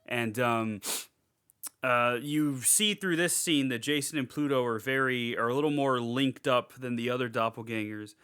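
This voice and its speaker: A man's voice: medium pitch, normal speed, fairly bright tone, clean tone. A young man recapping a movie in casual podcast chat, rambling with lots of fillers and swearing freely. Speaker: podcast co-host.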